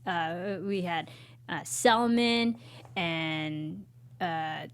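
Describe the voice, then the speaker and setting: A young woman co-hosting a casual TV review show, chatting with fillers and a relaxed, friendly manner. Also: lowish voice, extremely slow. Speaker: co-host of TV recap show.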